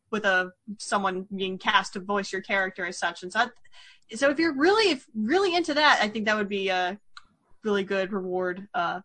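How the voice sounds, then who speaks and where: A woman's voice: mid-range voice, pushed and bright. A woman hosting a podcast in casual chat, rambling with lots of fillers and restarts. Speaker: podcast host.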